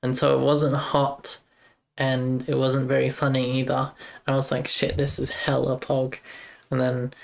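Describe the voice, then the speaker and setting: A young streamer talks through code in a loose, rambling way, breaking off to chat with viewers. The voice stays flat and even, with a gravelly fry underneath. The talk is relaxed and unscripted, live game-dev stream chatter. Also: mid-range voice, measured pace. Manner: rambling, thinks aloud, chats with viewers. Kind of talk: casual live-stream chat while coding.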